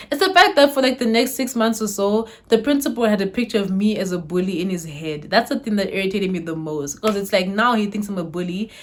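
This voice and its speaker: A young woman from Zimbabwe tells a storytime to her viewers on her channel. She speaks in an animated, dramatic way, turning straight to her audience as she goes. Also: mid-range voice. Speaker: YouTuber. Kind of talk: storytime vlog.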